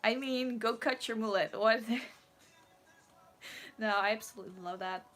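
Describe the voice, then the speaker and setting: A woman's voice: mid-range voice, steady tone, moderate pace, long pauses, fairly bright tone, faint music behind. A woman on a casual livestream, reading out viewer comments and answering them in a giggly, rambling, playfully dramatic way. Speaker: cosplayer streamer.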